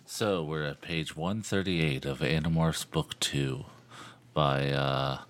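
Very deep-voiced man stalling. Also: fairly even intonation, takes it slowly. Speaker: podcast co-host. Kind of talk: casual chat.

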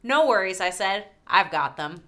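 A woman with a bright tone and a lively, varied pitch. She reads a story aloud in a casual group, laughing easily. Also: normal speed. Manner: laughing, expressive reading. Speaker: podcast co-host reading aloud. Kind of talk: casual group reading with banter.

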